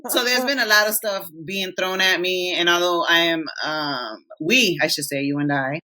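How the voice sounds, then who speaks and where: With a fairly low, bright voice and a forceful tone, this podcast co-host in her thirties speaks at normal speed in a casual chat. Candid and profane, she tells stories and voices her friends' lines.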